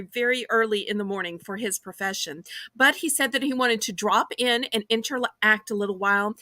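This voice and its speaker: A Southern woman with a high, bright voice hosts a live stream and reads viewer messages aloud. She sounds upbeat, and her pitch rises and falls a lot. The sound is dry and close. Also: no echo. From American South. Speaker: host. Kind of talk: live-stream chat, reading viewer comments.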